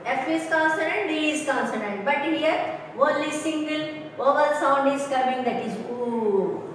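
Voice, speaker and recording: A woman teaching pronunciation in a slow, repetitive classroom lecture, often checking if students understand. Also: sits high, fairly bright tone, a little hiss or hum. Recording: echoey classroom, voice from far off, faint ambience.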